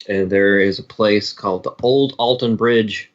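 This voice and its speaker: Low-voiced rambling podcast guy. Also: a little slow, highs cut off. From Texas. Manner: rambling storyteller, many fillers. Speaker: podcast co-host. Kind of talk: casual chat.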